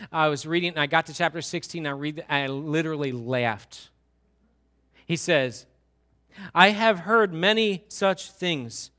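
Animated preacher with a bright voice. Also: male voice, on the high side. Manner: animated, acts out voices of churchgoers. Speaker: pastor. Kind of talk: sermon.

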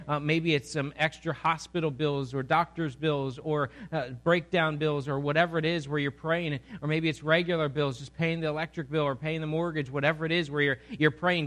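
A man's voice: a little high, fairly even intonation, normal speed, fairly bright tone. A man preaching a sermon with growing passion, often repeating words as he speaks. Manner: impassioned, builds in intensity, repeats words. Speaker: pastor.

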